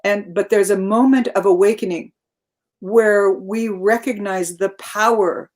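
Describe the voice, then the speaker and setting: Woman guest, reflective and animated, mid-pitched voice. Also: a little slow. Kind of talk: casual conversation.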